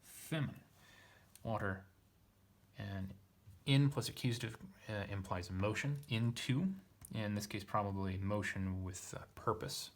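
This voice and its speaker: A teacher with a lowish voice reads Latin scripture aloud unhurriedly, thinking through the text as he goes. He is hesitant, corrects himself, and pokes fun at himself along the way.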